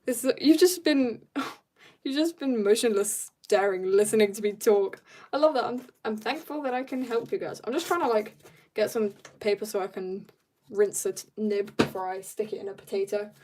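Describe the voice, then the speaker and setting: A woman's voice: medium pitch, moderate pace, darkish tone. A woman from South Africa chatting casually with viewers as she draws on a livestream from home, reading out and answering their comments. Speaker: art livestreamer. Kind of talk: casual chat while drawing live. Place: home, room upstairs.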